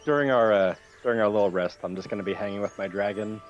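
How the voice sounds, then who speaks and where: A man playing a tabletop game, talking in a relaxed, easygoing way. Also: lowish voice, quick pace, faint music behind. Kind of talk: casual chat at a game table. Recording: dull lo-fi microphone.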